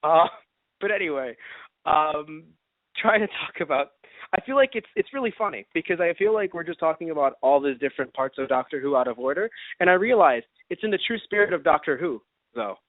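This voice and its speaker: A man's voice: a little high, expressive, a little fast, no echo. A man co-hosting a casual fan review podcast, talking animatedly, acting out reactions and laughing often. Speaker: podcast co-host. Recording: dry, phone-like lo-fi sound.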